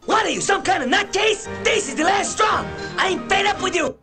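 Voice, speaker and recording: A squeaky, indignant cartoon character, voiced by a woman loses patience in a scolding rant. Her voice sits extremely high. Music plays clearly under the clip. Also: lively intonation, brisk. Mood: exasperated.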